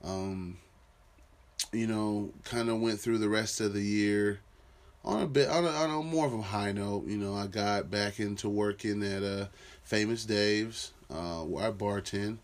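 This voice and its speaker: A man's voice: lowish voice, a little slow. A man, telling a personal story about his family in a rambling, casual way full of fillers and restarts.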